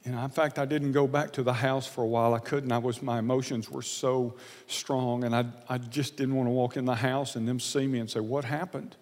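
A man's voice: medium pitch, flat delivery, darkish tone. Earnest preacher man in an echoing hall. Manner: earnest, confessional, halting with repeated words. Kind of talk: sermon storytelling.

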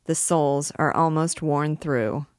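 A woman voices a penniless young poet in a storybook reading. He falters and pleads in short, anxious replies. The voice is low and unhurried, recorded close and dry. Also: clean tone, no echo. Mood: pleading.

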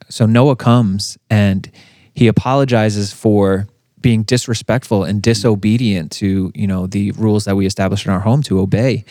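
A man in his thirties co-hosting a faith podcast, telling a family story in a relaxed way with fillers and laughs. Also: fairly low pitch, normal speed, no room sound, clean studio sound. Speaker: podcast co-host. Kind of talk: casual faith podcast chat.

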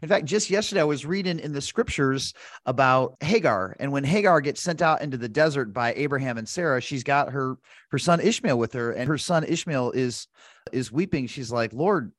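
A man's voice: mid-range voice, brisk, no room sound. Earnest man host, dry close sound. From grew up Pentecostal. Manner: animated, earnest, tells stories. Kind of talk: conversational interview.

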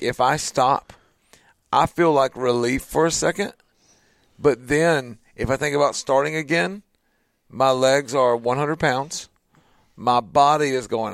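A man's voice: medium pitch, normal speed, no echo. A joking man hosts a podcast, trading banter and telling stories in an easygoing way. He slips into playful voices for the people in his stories. His voice sits mid-range and sounds close and dry. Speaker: podcast host. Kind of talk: casual podcast chat and storytelling.

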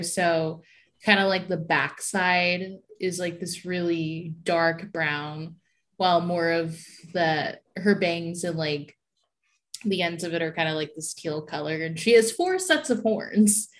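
A woman's voice: on the low side, takes it slowly. A woman describing her character in a tabletop game, rambling with many fillers and giggles. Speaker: player.

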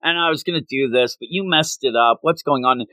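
A man voicing a spoiled, pushy teenage girl influencer, quoted in a quick, raised voice while recapping a story. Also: mid-range voice, sharp tone, dry recording, close to an everyday voice. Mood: defensive.

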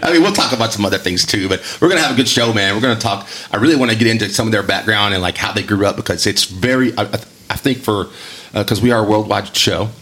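A man with a West Texas drawl runs a casual sports podcast. He rambles in a friendly way, leaning on fillers, in a slightly low voice. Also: fast talker, pushed and bright. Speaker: podcast host.

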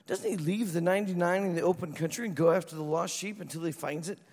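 A man preaching a sermon as pastor, telling stories in an animated way and acting out voices. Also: high voice, fast. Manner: animated storytelling, acts out voices. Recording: reverberant hall.

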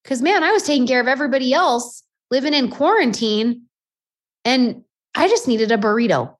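A woman in her thirties giving a candid motivational talk as a life coach to other mothers, poking fun at herself and often asking rhetorical questions. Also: mid-range voice. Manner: candid, self-deprecating, frequent rhetorical questions. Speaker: life coach and podcast host.

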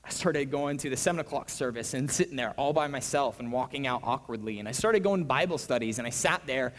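A man preaching a sermon as pastor, animated, his voice swinging between hushed and loud. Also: medium pitch, fast, a little hiss or hum. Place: church. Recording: reverberant church hall.

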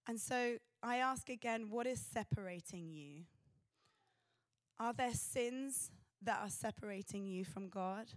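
Woman, sermon, earnest, halting restarts, dry sound. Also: fairly high pitch, no room sound. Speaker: preacher.

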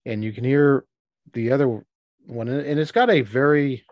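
A man narrating as game master for a tabletop game, halting and restarting his phrases as he describes scenes and voices characters. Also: medium pitch, no room sound, highs cut off.

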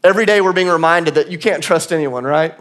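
A man's voice: a little high, quick pace, a bit bright. A man giving a church sermon in a conversational, earnest way, sometimes laughing at himself. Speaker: pastor. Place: church auditorium.

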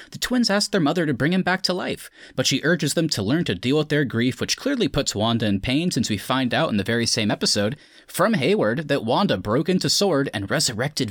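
This man hosts a laid-back podcast, first recapping an episode's plot and then chatting loosely with friends. His mid-range voice is slightly bright, recorded with studio quality and no echo.

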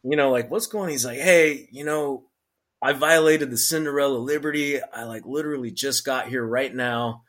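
Brief: middle-aged man, ex-Marine storyteller, animated, laughs often, mid-pitched. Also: normal speed. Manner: animated, acts out quotes with laughs. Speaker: podcast guest, former Marine sergeant. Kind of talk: casual storytelling.

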